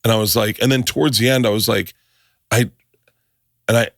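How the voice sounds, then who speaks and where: A podcast host in casual chat, excitable and rambling, trailing off mid-thought. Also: male voice, fairly low pitch, fairly quick, dry recording, studio quality.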